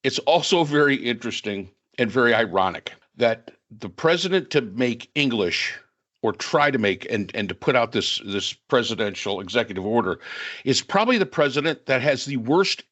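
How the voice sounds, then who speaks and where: A man's voice: mid-range voice, animated, normal speed, a bit bright. A man talking on a podcast panel in a casual political discussion, opinionated and sarcastic, rambling with restarts. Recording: dull lo-fi sound.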